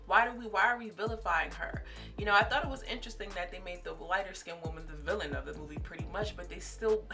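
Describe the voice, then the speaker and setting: Over music, a young woman vlogger talks fast in a lowish voice, giving casual, emphatic commentary on a series. She speaks right to her viewers, calling them sis and girl.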